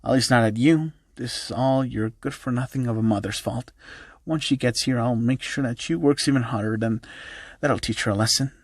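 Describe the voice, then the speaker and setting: A man's voice: mid-range voice, moderate pace, breathy edge, no echo, clean studio sound. A man doing a stern bossy grandmother. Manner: scolding, blunt.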